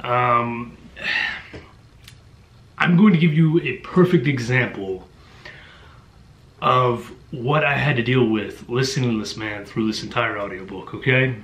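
A man's voice: medium pitch, measured pace, long pauses, a bit bright. A man giving casual audiobook reviews, blunt and exasperated, with lots of ums and uhs. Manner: blunt, exasperated, with many fillers. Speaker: book reviewer.

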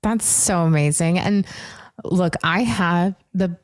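Woman podcast host, slightly low voice, casual and gushing. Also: slow pace, dry recording. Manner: gushing, chatty with filler "like". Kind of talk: casual interview chat.

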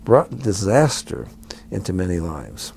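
A man's voice: low-pitched, very animated, unhurried, vocal fry. A man and author in an interview, talking in a folksy, wry way. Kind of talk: casual interview talk.

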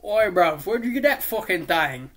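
A man putting on a mock British accent to voice a gruff, menacing rich father. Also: high-pitched, very animated, moderate pace, a bit bright, voice pushed up, exaggerated voice.

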